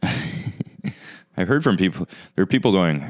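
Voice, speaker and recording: A man's voice: low voice, lively intonation, a little slow, long pauses, dry recording, studio quality. A man hosting his own comedy podcast, rambling in a sarcastic, mock-arrogant way. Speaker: podcast host. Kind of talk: casual comedic monologue.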